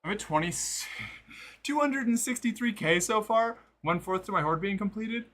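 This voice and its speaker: A man's voice: high-pitched, animated, normal speed, a bit bright. A man streaming live, chatting casually to his viewers while playing a game. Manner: chatty, talks to chat while playing and exercising.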